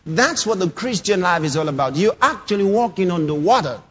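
A man's voice: high-pitched, lively intonation, a little fast, breathy edge. A man preaching a sermon, emphatic and repetitive, reading scripture lines aloud and pressing them home. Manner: emphatic, repeats scripture lines, rising to shouts. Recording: dull lo-fi sound with long hall reverb.

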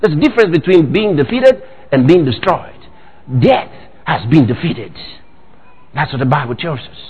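A man preaching a sermon, dramatic, bursting into sudden shouts. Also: on the high side, animated, moderate pace, husky, long reverb tail, highs cut off.

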